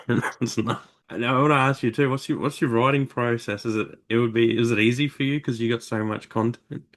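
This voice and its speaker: A man hosting an interview, asking questions in a halting, casual way and restarting mid-sentence. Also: mid-range voice, steady tone. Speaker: interview host.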